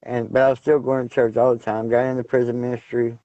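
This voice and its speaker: A man telling his personal testimony in a casual, halting way, full of fillers and restarts. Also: medium pitch, little pitch movement, mellow, no echo, lo-fi sound. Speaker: guest sharing testimony.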